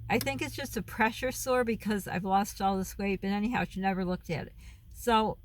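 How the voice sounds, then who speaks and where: This casual to-camera chat comes from a middle-aged vlogger and mom who rambles, veers away from her topic, loses her thread and laughs often. Her voice sits at medium pitch with a steady tone and a brisk pace, over slight background noise.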